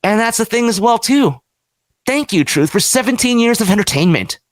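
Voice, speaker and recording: Male radio show host, fairly high voice, dry close studio mic, casual talk show commentary. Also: lively intonation, moderate pace, no room sound. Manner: conversational, reads listener reactions aloud, gets emotional.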